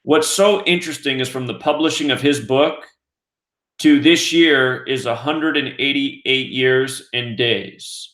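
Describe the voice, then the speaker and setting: A man from the United States hosting a news commentary show, giving an earnest, steady, scripted monologue. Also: mid-range voice. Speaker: host of a conspiracy news channel. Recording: roomy echo.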